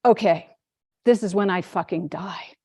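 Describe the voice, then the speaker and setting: A woman's voice: unhurried, mellow, slightly rough, dry recording, clean studio sound. A woman voicing a frightened young man who keeps swearing and pleading as danger closes in. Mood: desperate. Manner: panicky, pleading, high-pitched outbursts. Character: frightened young man facing a mountain lion.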